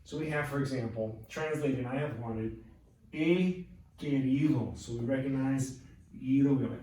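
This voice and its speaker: A man in middle age teaches a Spanish grammar lesson, calmly walking through each point and pausing to check understanding. He sounds set back from the mic in a very echoey room, with a faint hum of ambience underneath. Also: mid-range voice, recorded from a distance. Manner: patient, explains step by step and checks understanding.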